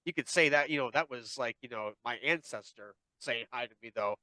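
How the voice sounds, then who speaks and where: A man's voice: mid-range voice, brisk, sharp tone, no echo. A man hosting a casual podcast chat, rambling and restarting as he chimes in.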